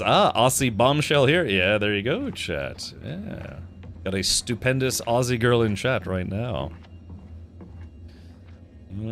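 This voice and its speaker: Male game streamer, low voice, lots of swing, rambling jokey chat with viewers. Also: fairly bright tone. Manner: chatty, rambling, chuckling, joking with chat. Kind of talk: casual gameplay commentary.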